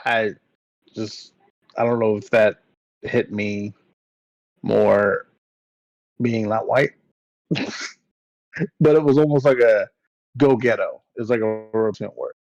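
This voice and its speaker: Gravelly man chatting on a lo-fi podcast. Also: on the low side, steady tone, slow pace, pauses often, a little mellow, no room sound. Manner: laughs often, swears casually. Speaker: podcast co-host. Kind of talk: casual chat. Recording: dull lo-fi dry recording.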